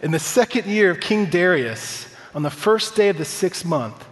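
A man's voice: high voice, expressive, moderate pace. A man in his thirties, a pastor, giving a conversational, upbeat sermon to a church congregation with personal stories. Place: church sanctuary. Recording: reverberant church hall.

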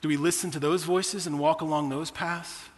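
A man's voice: on the high side, steady tone, normal speed, big-room sound. A man in his forties preaching a sermon, telling personal stories in a conversational way to his church. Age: 40s. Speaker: pastor.

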